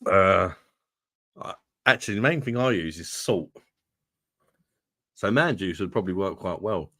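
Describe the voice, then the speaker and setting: A man's voice: low voice, animated, a little slow, fairly bright tone, dry recording, clean studio sound. A man from London with a London accent, hosting a beer livestream and bantering casually with viewers in laid-back, sweary chat. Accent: London English. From London, England. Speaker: host of a beer review livestream.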